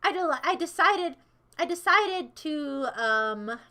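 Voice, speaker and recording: A woman's voice: high-pitched, expressive, slow, pushed and bright. A young American woman livestreaming, casually rambling and teasing her chat with sarcastic remarks.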